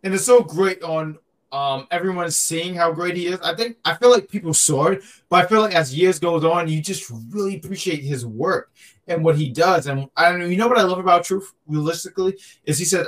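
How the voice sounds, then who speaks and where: Joking through a casual wrestling conversation, a podcast co-host repeats himself a lot while staying animated. He has a high voice with a fairly bright tone and talks fairly quickly.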